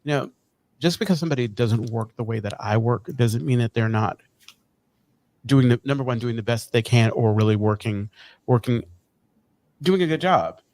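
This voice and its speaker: A man's voice: medium pitch, normal speed, pauses often, darkish tone. A man co-hosting a recovery podcast, chatting casually in a playful, self-deprecating way with frequent laughs. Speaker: podcast co-host. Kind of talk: casual chat.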